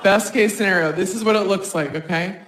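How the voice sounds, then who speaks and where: A woman works a live stand-up set into a handheld mic, chatty and animated. She keeps darting into quick put-on voices for other people as she tells her bits. The sound carries a roomy stage echo, with a faint hum of noise behind her. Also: mid-range voice. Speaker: stand-up comedian.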